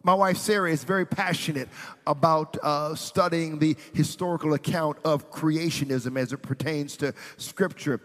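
A man's voice: on the high side, steady tone, normal speed, a bit bright, big-room sound. A man preaching a sermon as pastor, reading scripture and building intensity with playful asides. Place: church sanctuary.

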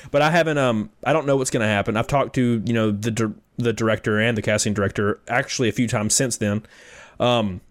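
A young man telling stories in casual chat, rambling and animated with lots of fillers. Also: medium pitch, a little fast.

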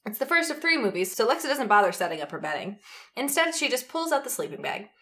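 Lively woman reading a story aloud. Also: a little high, quick pace. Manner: lively, laughs easily, stops to fix misread lines. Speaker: podcast co-host reading fan fiction aloud.

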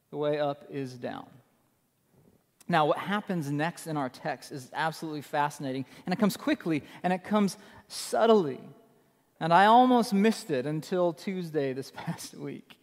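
A man's voice: fairly high pitch, expressive, measured pace, long pauses, long reverb tail. A man preaching a sermon as pastor, emphatic and conversational, repeating his key phrases for effect.

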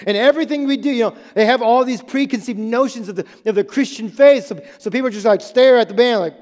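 Very high-pitched and darkish, this man's voice races along quickly as he preaches. His sermon is emphatic, full of repeated key phrases and check-ins with the congregation, captured in a church sanctuary with music and lengthy reverb.

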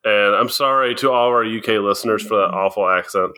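A man's voice: fairly low pitch, fast, sharp tone. A man co-hosting a casual podcast chat, explaining things and often laughing as he goes. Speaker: podcast co-host.

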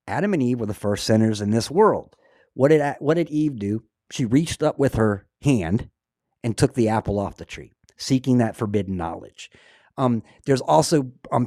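A man hosting a casual religious talk show, speaking with earnest, excitable preaching energy. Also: mid-range voice, no room sound, studio quality. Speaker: host.

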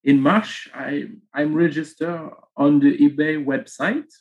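A man from the south of France with a Marseille French accent, speaking halting English with many fillers as an interview guest. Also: a little high, dull audio. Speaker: guest, online seller.

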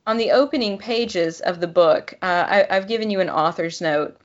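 A woman author reading her novel aloud and then chatting about it, animated and laughing, with many fillers. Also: mid-range voice, moderate pace, highs cut off.

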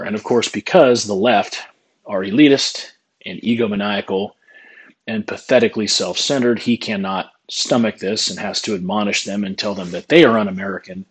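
Husky man ranting with scorn. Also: fairly low pitch, fairly even intonation, normal speed, rough recording. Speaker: political commentator. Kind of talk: opinion monologue.

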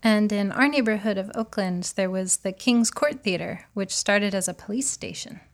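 A woman co-hosting a podcast, reading scripted narration in a clear, informative way. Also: mid-range voice, normal speed. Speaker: podcast co-host.

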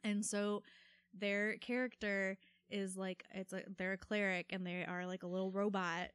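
A woman's voice: mid-range voice, little pitch movement, normal speed, a bit bright, clean tone. A woman in her thirties, co-hosting a podcast in casual, rambling chat full of "like". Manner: chatty and rambling, lots of filler "like". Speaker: podcast co-host.

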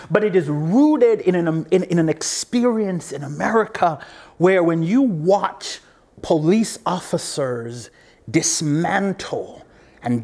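A high-pitched, gravelly male voice carries this earnest, animated, reflective public talk. The speaker laughs a lot, checks in with his listeners, and sometimes drops to a hushed near-whisper for emphasis.

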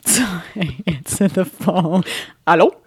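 A woman with a lively, swooping voice chats in a playful, teasing way and laughs easily. Her voice sits in the middle range, and the sound is dry and close. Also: mid-range voice, fast talker, no room sound. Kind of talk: casual chat.

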